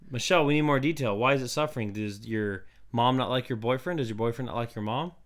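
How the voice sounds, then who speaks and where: A young man co-hosting a casual chat show, joking and teasing in relaxed banter. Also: mid-range voice, quick pace. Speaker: podcast co-host.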